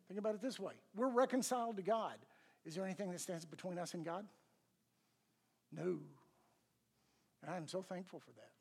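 A man's voice: high voice, a little mellow, husky. An older man, a pastor, teaching a church class in a conversational way, often asking the audience questions.

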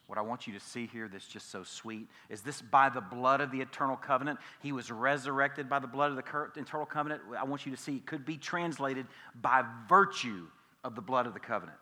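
Bright-voiced preaching man in echoing hall. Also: mid-range voice, moderate pace. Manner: emphatic preaching with wide swings from loud to hushed, repeating key phrases. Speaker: pastor. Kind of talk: sermon. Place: church sanctuary.

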